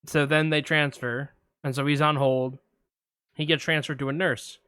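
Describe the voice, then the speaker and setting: A man co-hosting a podcast, telling a story in a casual, animated way with lots of fillers. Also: fairly high pitch, normal speed, smooth, no room sound, studio quality. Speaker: podcast co-host. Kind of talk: casual chat.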